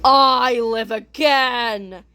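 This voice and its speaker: A woman voicing a gloating villain returning for revenge, speaking in slow, drawn-out storybook menace. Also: on the high side, sharp tone, smooth, voice pushed down, full character voice.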